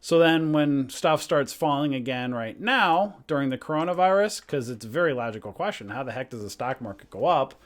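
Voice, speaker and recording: A man's voice: medium pitch, lively intonation, brisk, few pauses. A man hosting a trading livestream, thinking aloud in casual talk, trailing off and correcting himself.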